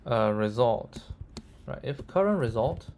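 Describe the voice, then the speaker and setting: A man thinking aloud as he codes, halting and correcting himself, often checking in with "right?" and "okay?". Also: medium pitch, expressive, gravelly, darkish tone, a little hiss or hum. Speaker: coding tutor. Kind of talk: thinking aloud while live coding.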